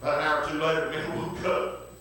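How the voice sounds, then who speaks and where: A preacher with a high, bright voice spins a folksy story from the pulpit and keeps breaking in with hallelujahs and amens. He sounds some way from the mic. The church around him echoes heavily. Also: flat delivery, fast talker, slight background noise. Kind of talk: storytelling sermon. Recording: very echoey room, distant mic.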